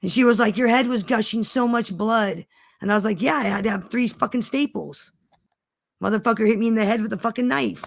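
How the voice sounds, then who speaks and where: A woman's voice: mid-range voice, creaky, dry recording. A woman guest telling a story in a defiant, profane way, repeating herself for emphasis. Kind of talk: casual storytelling.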